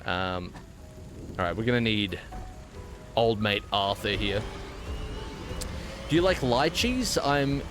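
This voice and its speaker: A man's voice: lowish voice, lively intonation, takes it slowly, long pauses, music in the background. A man with an Australian accent streaming a game, chatting casually and playfully with a mock-indignant edge. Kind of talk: casual live-stream chat while gaming.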